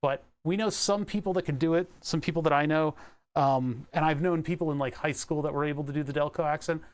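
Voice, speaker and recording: Young guy muttering thru a soldering job, kinda high voice, rambles, plays with words. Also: a little fast. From Delaware County area, Pennsylvania. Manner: rambling, self-talking, playful wordplay. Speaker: electronics hobbyist vlogger. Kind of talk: casual talk while working.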